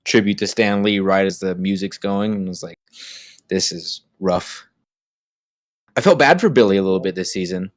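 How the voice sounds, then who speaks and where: A man's voice: deep voice, quick pace, few pauses, no echo. A man co-hosting a casual podcast, rambling along with lots of fillers and restarts. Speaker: podcast co-host. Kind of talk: casual chat.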